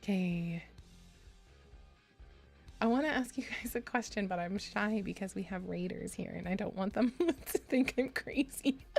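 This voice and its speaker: A woman hosts a laid-back stream, rambling and giggling as she pokes fun at herself. Her voice sits at an ordinary middle pitch, close to a desk mic. Soft music plays faintly behind her. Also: measured pace, vocal fry, pauses often. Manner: rambling, giggly, self-deprecating. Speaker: VTuber streamer. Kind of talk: casual chat stream.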